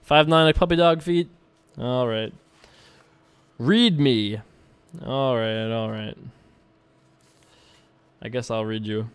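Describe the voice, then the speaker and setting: A man's voice: mid-range voice, takes it slowly, long pauses, clean tone. A young man streaming online poker, chatting loosely with viewers while he plays and reads their emails, laughing often and swearing casually.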